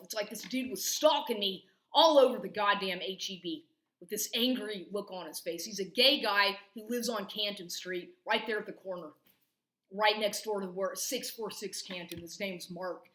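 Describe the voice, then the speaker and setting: A woman's voice: mid-range voice, pushed and bright, echoey room. A woman venting in an angry, rambling personal rant, swearing constantly. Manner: profane, rambling, agitated. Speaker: vlogger.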